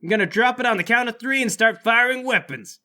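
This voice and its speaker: A man's voice: extremely high pitch, fairly quick, bright, forceful tone, pitched above the performer's own voice, heavily acted. A man voicing a laid-back cyborg cop who talks like a surfer dude. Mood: breezy. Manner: breezy, says "dude" and "man".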